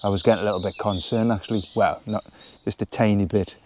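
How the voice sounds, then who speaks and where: A man, chatting casually in a relaxed, rambling way as he vlogs from a woodland wild camp. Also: fairly low pitch, quick pace, slight background noise. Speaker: vlogger. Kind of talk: casual outdoor vlog talk. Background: birds and woodland ambience.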